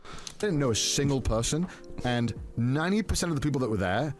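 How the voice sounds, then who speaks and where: A man telling a story casually, excitable and self-mocking, with lots of fillers. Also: medium pitch, a little fast, soft background music. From Wales.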